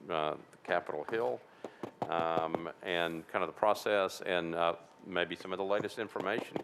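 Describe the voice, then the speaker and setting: A man's voice: deep voice, background noise. A man, a vice mayor, chairing a city council committee meeting in an easygoing, joking way.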